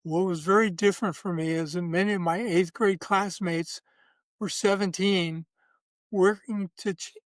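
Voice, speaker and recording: A man in his seventies, a guest telling relaxed personal anecdotes in a measured way. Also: high-pitched, no echo. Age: 70s. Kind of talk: casual storytelling.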